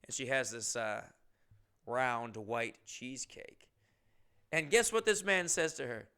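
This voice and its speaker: A man's voice: medium pitch, a little slow, pushed and bright, clear, resonant tone. A young man hosting a comedy podcast, telling stories casually, rambling and profane, and often interrupting himself.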